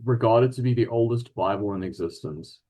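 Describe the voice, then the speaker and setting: A man's voice: mid-range voice, moderate pace, mellow. A man with an Afrikaans South African accent talks in a loose, casual way. He stumbles and restarts as he explains things and drops swear words without much thought. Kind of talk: casual chat.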